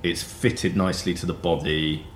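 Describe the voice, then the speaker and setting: A man's voice: deep voice, steady tone, normal speed. A man hosting a podcast interview, enthusiastically summarizing points for his listeners. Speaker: podcast host. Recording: echoey room, faint hiss.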